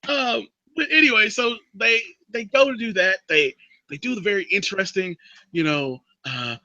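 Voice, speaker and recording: A man hosting a casual chat, recapping a film plot as an animated storyteller. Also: normal speed, no echo, muffled recording. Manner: animated storyteller, drops into a creepy low voice for quotes. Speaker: podcast host recapping a movie.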